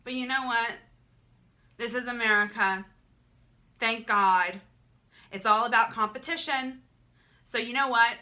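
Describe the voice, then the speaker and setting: A woman's voice: fairly high pitch, unhurried, long pauses, bright, forceful tone. A young woman talking candidly to camera in a vlog, emotional and repetitive, swearing freely. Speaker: vlogger.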